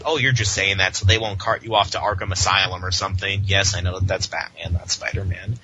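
A man tearing into a comic issue on a podcast with sarcastic, exasperated rants. His voice is very bright and sharp. The audio is muffled and lo-fi, with a faint hiss underneath. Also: low voice, steady tone, fairly quick, hardly any pauses. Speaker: comic book podcast host. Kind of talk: casual comic review.

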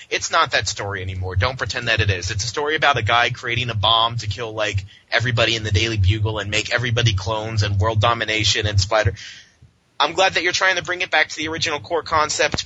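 Sarcastic, ranting man with a bright voice. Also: medium pitch, a little hiss or hum. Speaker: comic book podcast host. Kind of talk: casual comic review. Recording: muffled lo-fi audio.

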